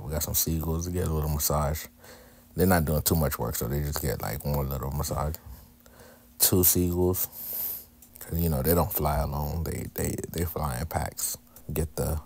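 A man narrates a craft video casually, poking fun at himself as he goes. His voice sits extremely low and deep. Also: creaky, a little mellow, husky. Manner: candid, joking, self-deprecating.

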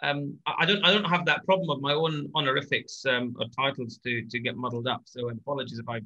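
A man co-hosts a relaxed podcast conversation. His voice is bright and forward, sitting at an ordinary pitch for a man. He talks in a halting way, doubling back over words and leaning on fillers. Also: highs cut off. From British. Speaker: co-host. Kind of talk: casual podcast chat.

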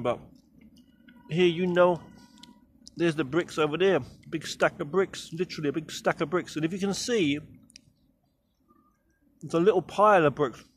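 A man's voice: fairly high pitch, slight background noise. A young man vlogging outdoors in a city garden in the evening, rambling in slang, swearing and joking as he films himself on a handheld camera. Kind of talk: casual walk-and-talk vlog.

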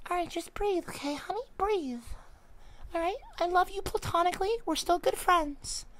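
A man putting on a calm, coaxing ex-partner talking him down over the phone. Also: very high-pitched, moderate pace, a little hiss or hum. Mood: soothing. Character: soothing ex-partner on the phone, patient.

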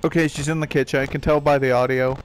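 A man's voice: fairly high pitch, fairly even intonation, fast talker, a little hiss or hum. A young man giving panicky let's-play commentary, swearing and talking to the game characters. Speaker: gaming youtuber.

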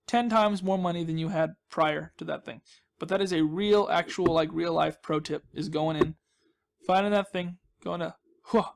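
A young man talks through his gameplay in a loose, rambling way, sliding into side jokes before finding his thread again. His voice sits high for a man and carries a noticeable gravelly fry. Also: normal speed. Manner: rambling, chatty, jokey asides. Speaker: let's play host. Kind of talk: casual gameplay commentary.

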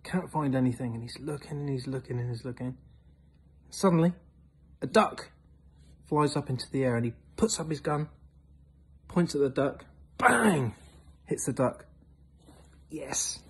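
A man telling a long joke in an animated way, swinging between loud and hushed delivery. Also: medium pitch, normal speed, long pauses, a little hiss or hum. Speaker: joke teller.

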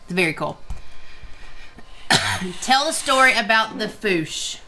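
Bright-voiced woman co-host, faint hiss. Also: medium pitch, animated, takes it slowly, poor audio. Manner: chatty, reads viewer questions. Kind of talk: casual chat.

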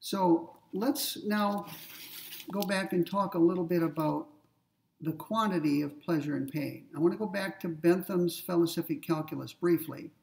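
Guy lecturing on ethics, high voice, bit of gravel, sounds far from the mic. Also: normal speed. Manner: explains step by step with everyday examples, checks in with "okay?" and "right?". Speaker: philosophy lecturer.

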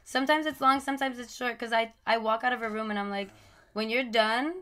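Fast and sharp-toned, with a voice on the high side, a woman in her twenties chats loosely with podcast friends. She's a mother, and her slangy talk is packed with "like" and "bro."

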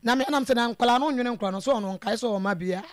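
A caller with a Ghanaian accent telling a family dispute to a radio host, speaking haltingly and trailing off mid-sentence. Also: mid-range voice, no room sound.

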